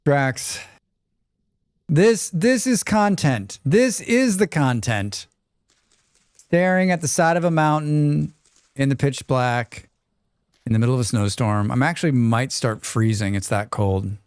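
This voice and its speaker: A man's voice: mid-range voice, animated, unhurried, clean tone, no room sound, clean studio sound. A man streaming a survival game, chatting casually and rambling while reading chat aloud.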